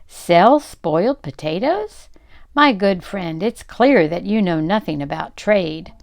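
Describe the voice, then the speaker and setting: A woman's voice: fairly low pitch, expressive, takes it slowly, a little mellow. An older woman voicing a despairing, groaning Yankee trader man in a storybook reading. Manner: wailing, groaning.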